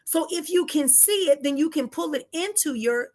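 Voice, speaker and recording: A woman with a somewhat high voice leads a live spiritual teaching. She talks directly and informally to her listeners, driving home her points by repeating them. She gets heated and quickens her pace as she goes. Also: lively intonation, darkish tone. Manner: emphatic, repeats key phrases.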